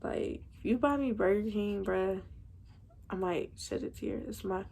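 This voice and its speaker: A woman's voice: medium pitch, unhurried, vocal fry, darkish tone, slight background noise. A young woman, telling a storytime vlog to her viewers in a slangy, chatty way. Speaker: vlogger.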